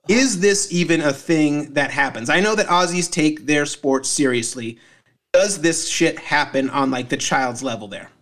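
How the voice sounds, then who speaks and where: A man's voice: medium pitch, fairly bright tone. A man telling a funny anecdote on a casual comedy podcast, rambling with fillers. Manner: rambling with fillers, laughs at own story. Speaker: podcast co-host, parent.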